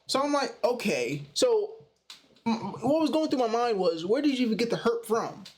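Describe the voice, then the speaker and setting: A young man casually telling a personal story in a slangy, animated way. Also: extremely high pitch, normal speed. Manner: slangy, animated retelling with "bro" and "you know". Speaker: storytime vlogger.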